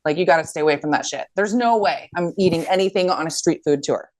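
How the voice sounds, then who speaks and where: Woman podcast co-host, lowish voice, animated storyteller who acts out quotes. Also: fast. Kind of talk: casual chat.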